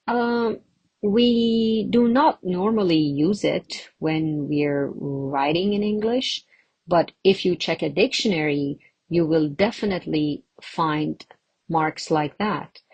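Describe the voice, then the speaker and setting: Slow, husky woman teaching pronunciation. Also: fairly low pitch, a little mellow. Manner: slow, patient, asks viewers questions and answers them. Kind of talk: pronunciation lesson to camera.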